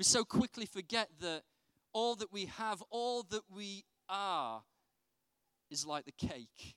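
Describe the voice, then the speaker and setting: A man delivers a sermon in a high, clear voice, telling anecdotes and asking the listeners rhetorical questions. The recording is dry and close, with no room echo. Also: takes it slowly. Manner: animated storytelling with rhetorical questions. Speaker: preacher.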